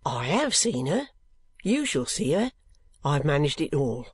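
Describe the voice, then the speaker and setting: A man voicing an excitable, flustered middle-aged male clerk in a storybook reading, breathless and stammering. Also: a little high, a little slow, husky, heavily acted. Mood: excited, fluttering.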